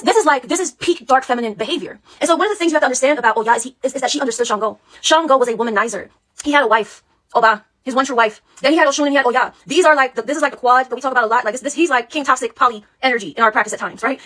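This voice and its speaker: A woman's voice: high-pitched, very fast, fairly bright tone. A woman speaking as a spiritual coach in a casual monologue, blunt, sassy and full of swearing.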